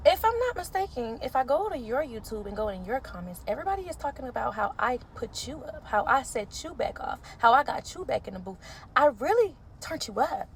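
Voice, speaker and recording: A woman's voice: high-pitched, sing-song, a little fast, slight background noise. A woman heatedly calling someone out to camera, sassy and cursing, mocking him as she goes. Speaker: social media creator in a feud.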